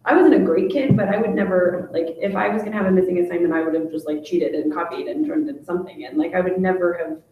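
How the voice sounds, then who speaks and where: A woman's voice: lowish voice, fairly even intonation, fast, hardly any pauses, very echoey, far from the mic, narrow, tinny audio, a little hiss or hum. A woman teacher talking animatedly in a casual class discussion, full of "like".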